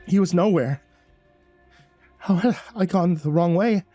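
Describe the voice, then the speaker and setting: A man's voice: high voice, unhurried, warm tone, no room sound, soft background music. A man narrating a first-person horror story in a tense, breathless way, stumbling over words now and then.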